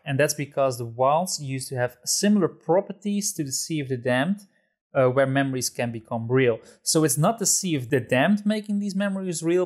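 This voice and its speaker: Mid-pitched man hosting a podcast. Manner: steering the talk, agreeable, with frequent laughs and fillers. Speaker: podcast host. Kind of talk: casual podcast chat.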